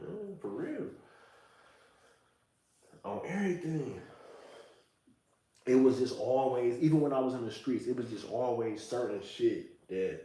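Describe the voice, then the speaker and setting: A man's voice: medium pitch, mellow. Man talking slangy through heavy room echo. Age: 30s. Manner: loose street slang, repeats "you know what I'm saying". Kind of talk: reflective monologue. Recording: distant mic in a very echoey room.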